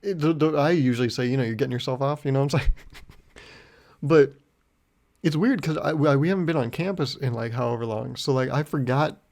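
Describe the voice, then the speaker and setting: A man's voice: mid-range voice, brisk, darkish tone. Young man, podcast host, rambling, self-mocking, laughs often, mock-indignant rants. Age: young adult. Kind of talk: casual solo podcast monologue.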